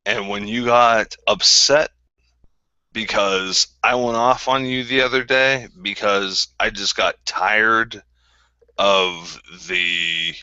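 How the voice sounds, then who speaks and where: Man, lower voice, very dry close sound, blunt combative rant, dull lo-fi call audio. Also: steady tone, slow, bright, forceful tone, smooth, no echo. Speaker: group call host. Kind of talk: confrontational ranting callout.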